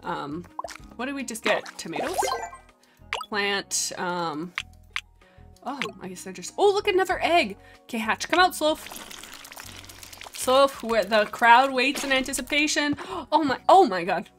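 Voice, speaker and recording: Young female streamer, bright excitable chatter with gasps and laughs, soft game music underneath. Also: high voice, unhurried, long pauses. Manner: excitable, giggly, gasping, voices the pets' thoughts. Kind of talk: casual gameplay commentary.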